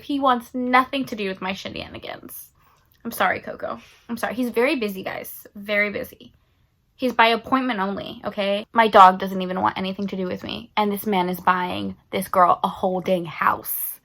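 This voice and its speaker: Young woman book vlogger, chatty and animated, slightly high voice. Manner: chatty and animated, drawn-out emphasis. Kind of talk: casual chat about books.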